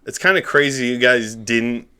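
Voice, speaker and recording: A man in his late twenties, co-hosting a casual podcast chat with friends and telling animated stories full of acted-out shouts. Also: mid-range voice, moderate pace, smooth. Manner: animated storyteller who acts out shouts and quotes. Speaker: podcast co-host.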